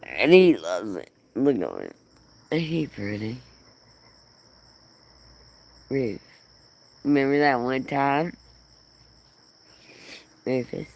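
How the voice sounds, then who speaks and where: A man's voice: medium pitch, darkish tone. An actor playing a grieving man who rambles tearfully and half laughs as he dotes on his dog. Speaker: dog owner. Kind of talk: emotional monologue.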